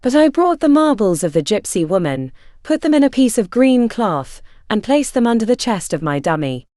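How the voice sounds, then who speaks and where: A woman narrating a literary story in the first person, in a measured storytelling manner. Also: on the high side, big pitch swings, a little mellow, dry recording, studio quality.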